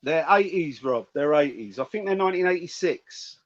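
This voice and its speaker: A man's voice: on the high side, lively intonation, normal speed, dry recording. A man chatting casually as a guest about toys, speaking freely and swearing now and then. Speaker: guest toy collector. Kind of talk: casual chat. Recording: dull lo-fi audio.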